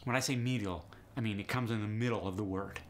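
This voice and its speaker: A man's voice: on the low side, quick pace. A man teaching an accent lesson step by step, upbeat and explanatory, saying example words to show each sound. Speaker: accent coach.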